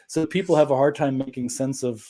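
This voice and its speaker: A man's voice: mid-range voice, fairly quick, warm tone. A man from Germany with a German accent mixed with American Midwest and Southeast traces, a guest chatting casually and playfully about his work. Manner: playful, joking. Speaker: guest cultural coach. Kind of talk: casual interview chat.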